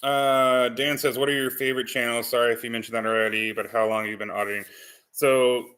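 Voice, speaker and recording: A man's voice: medium pitch, level tone, fairly quick, a bit bright. A man hosting a casual live-stream chat with viewers, rambling with many ums and restarts. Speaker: channel host.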